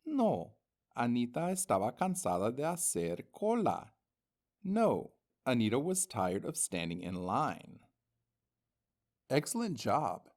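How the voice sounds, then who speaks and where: A man teaching a language lesson, reading vocabulary words and their meanings slowly and deliberately as scripted instructional narration. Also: mid-range voice, wildly swooping pitch, darkish tone.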